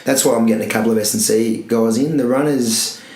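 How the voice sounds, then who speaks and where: A man's voice: medium pitch, fairly quick, a little mellow. A young man, a running coach, chatting casually on a podcast in a loose, rambling, self-correcting way. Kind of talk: casual chat. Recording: echoey room.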